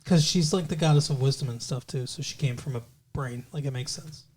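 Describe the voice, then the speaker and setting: A man's voice: medium pitch, brisk, a little mellow, husky. A middle-aged man co-hosting a podcast, chatting casually and rambling with jokes. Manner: rambling, jokey, breaks into singing. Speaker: podcast co-host. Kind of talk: casual chat.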